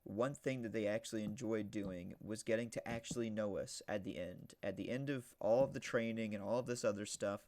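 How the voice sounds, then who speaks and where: A young man streaming a game, casually telling a rambling story with lots of restarts, now and then shouting a punchline. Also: fairly low pitch, fairly quick, hardly any pauses. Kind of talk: casual storytelling while gaming.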